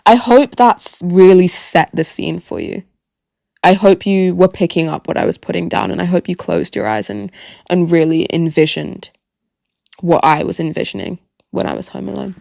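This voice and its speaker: A young woman hosts her solo podcast, rambling and poking fun at herself. Her lowish voice is gravelly and hoarse from a sore throat. The sound is close and dry on a podcast mic. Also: animated, normal speed, a little mellow, no echo. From Gambia. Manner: chatty, self-mocking, rambling. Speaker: podcast host. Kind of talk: casual solo chat. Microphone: podcast microphone.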